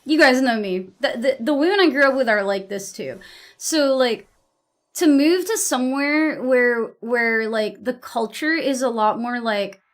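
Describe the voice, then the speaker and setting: A woman's voice: fairly high pitch, expressive, unhurried, faint music behind. A young woman from the US East Coast chatting casually to her stream viewers, blunt and profane, rambling and restarting her sentences. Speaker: livestreamer.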